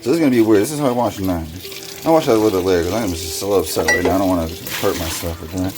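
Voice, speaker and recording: A man's voice: low voice, very fast. Agitated man venting over running water. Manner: agitated, rising loud when recounting arguments. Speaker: vlogger. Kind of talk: casual vlog monologue. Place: home kitchen at a sink, washing dishes. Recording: noisy room with running water. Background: running water and dish washing.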